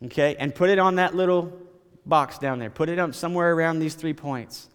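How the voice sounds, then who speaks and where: A man's voice: on the high side, a little fast, smooth, in a large hall. A man preaching a sermon as pastor, in a conversational style, repeating phrases and stammering now and then.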